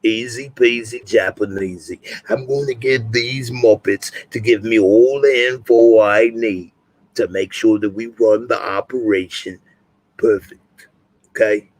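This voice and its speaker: A man playing a menacing British male vigilante who bullies and swears in a low, clipped growl. Each threat comes slowly and deliberately. The voice sits close and dry, with no room around it. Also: fairly even intonation, darkish tone, no room sound, low-quality recording. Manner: bullying, profane, low and clipped.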